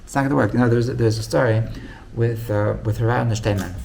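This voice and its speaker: Gravelly-voiced rabbi telling a story. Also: male voice, mid-range voice, fairly even intonation, fast talker, a little mellow, slight background noise. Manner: rambling, many restarts and "like". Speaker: rabbi teaching. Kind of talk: casual storytelling talk.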